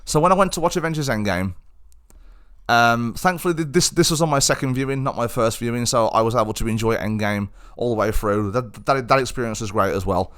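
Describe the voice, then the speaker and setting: A young man talks alone on his podcast at a mid pitch. He rambles with frustration, circling back and restarting his sentences as he vents. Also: fairly quick, fairly bright tone, smooth. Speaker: podcast host. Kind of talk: solo podcast monologue.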